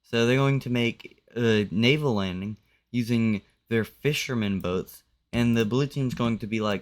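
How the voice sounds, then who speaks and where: A man's voice: medium pitch, a little slow. A man casually narrating a map simulation in a loose, conversational way, often saying "like". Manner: loose, conversational, uses "like" a lot. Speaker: commentator.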